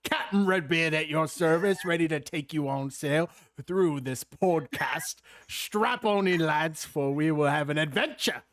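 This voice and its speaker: A man's voice: on the high side, unhurried, hardly any pauses, fairly bright tone. A man voicing a hearty pirate captain with a theatrical, blustering delivery. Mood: boisterous.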